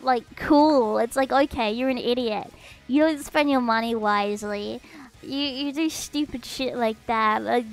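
A woman's voice: on the high side, rough recording. A woman, streaming and ranting in casual, sarcastic, profane chat.

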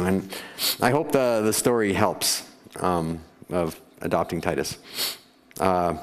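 A male pastor delivers his sermon in an easy, conversational way, chuckling and putting questions to the congregation. His voice sits on the low side. The sound carries the long reverb of a church sanctuary. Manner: conversational, laughs often, asks the congregation questions.

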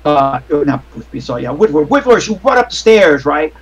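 A man's voice: fairly high pitch, big pitch swings, fairly quick, slightly rough, dull audio. A man running a tabletop game as game master, narrating in a meandering, hesitant way over online voice chat.

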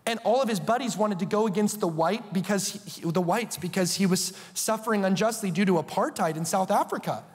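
A man preaching a sermon as a TV show host, telling the story in an animated, playful way with asides. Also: high-pitched, fairly quick, hardly any pauses, big-room sound.

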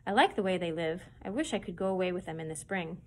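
A woman's voice: fairly low pitch, fast, a little hiss or hum, lightly acted. A woman reading aloud and voicing a restless, stubborn young boy in a storybook, eager and defiant.

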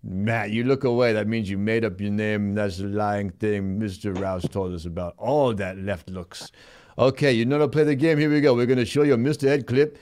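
Speaking a little fast in a lowish, darkish, natural voice with fairly even intonation, this man does a Stallone-style impression of a brash, goofy male host on live comedy TV. He drawls and mumbles like a tough guy, joking around and happily ordering the sidekick and crew about.

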